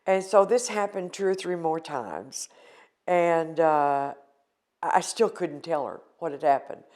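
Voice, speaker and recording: Older woman, interviewee, low-ish voice, earnest, emotional storytelling. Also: measured pace, darkish tone. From United States. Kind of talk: recounting personal experience in an interview.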